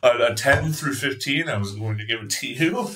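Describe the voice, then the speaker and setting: A man acting as dungeon master, calmly narrating and calling for dice rolls with a relaxed, chuckling manner. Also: mid-range voice, normal speed. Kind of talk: running a tabletop game.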